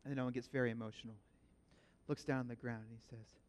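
A pastor giving a sermon, telling stories in an animated, emphatic way. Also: male voice, mid-range voice, quick pace. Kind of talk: sermon with storytelling.

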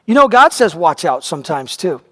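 High-voiced pastor in an echoing hall. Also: male voice, fairly quick. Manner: animated storyteller, voice rising and shouting at dramatic moments. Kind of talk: sermon with personal storytelling. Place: church sanctuary. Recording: long reverb of a large hall.

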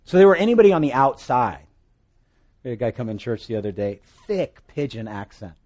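Hawaiian guy preaching, jokey, swings loud then quiet, middle pitch. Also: brisk. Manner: animated, joking asides, pitch and volume swing widely. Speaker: pastor. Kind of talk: sermon.

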